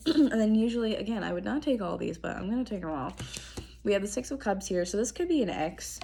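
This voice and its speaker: A young woman giving a casual tarot reading to camera. Her throat is strained and she talks in a chatty, relaxed way, clearing her throat often. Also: medium pitch, brisk, a little hiss or hum. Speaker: tarot reader. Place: apartment room indoors.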